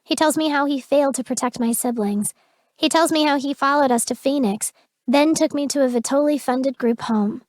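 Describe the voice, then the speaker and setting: A woman narrating a dark romance audiobook in the first person, with an intimate, emotional delivery. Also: high voice, normal speed, no echo.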